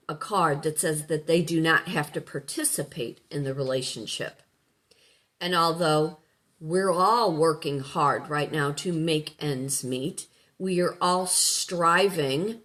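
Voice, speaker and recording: A woman's voice: lowish voice, a bit bright. A woman life coach talking casually at home, rambling and conversational, who breaks off now and then to scold her dog. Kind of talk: casual spoken monologue.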